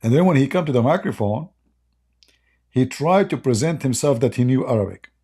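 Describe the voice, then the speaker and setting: A man with a dark, gravelly voice hosts a casual livestream, trading sarcastic jabs and laughing at his own mockery. His tone is husky and a little hoarse, as if he is losing his voice. He speaks close to a desk microphone. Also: mid-range voice, lively intonation, fairly quick. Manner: mocking, sarcastic banter with frequent laughter. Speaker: livestream debate host.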